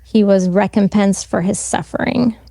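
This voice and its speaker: A woman talking casually on a book podcast, her voice carrying a noticeable vocal fry. The sound is dry and close, without room echo. She slows down and reads carefully when quoting passages. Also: mid-range voice, steady tone, warm tone. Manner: reads quotes from the book slowly and deliberately. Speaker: podcast co-host. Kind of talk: casual book discussion with read-aloud passages.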